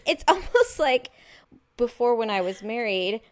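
An animated woman in her thirties, chatting casually on a podcast. Her pitch swings widely as she tells stories and acts out other people's lines with big jumps in voice. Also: a little slow. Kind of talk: casual chat.

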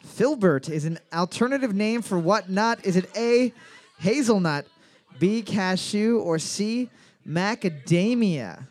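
High-voiced man hosting trivia. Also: expressive, slow. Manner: reads questions twice, teasing jokes. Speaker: trivia quiz host. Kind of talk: joking bar trivia hosting.

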